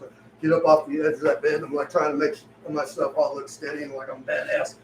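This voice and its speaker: A rowdy man with a high voice tells his stories and plays every part as he goes, and swearing runs through almost every sentence. He sounds distant from the microphone, and the room adds a strong echo. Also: quick pace. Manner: rowdy, swears heavily, tells stories acting out both sides. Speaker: podcast co-host. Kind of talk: profane casual chat. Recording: echoey room, far from mic, faint hiss.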